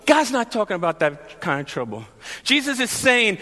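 A man from Long Island preaching a sermon, telling lively personal stories and acting out the shouting scenes. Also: high-pitched, normal speed, long reverb tail. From Long Island, New York. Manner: animated storyteller, acts out shouting scenes.

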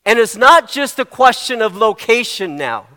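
A man's voice: very high voice, very animated, normal speed, pushed and bright, big-room sound. A middle-aged man preaching a sermon, earnest and fond of repeating his questions for emphasis. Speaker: pastor.

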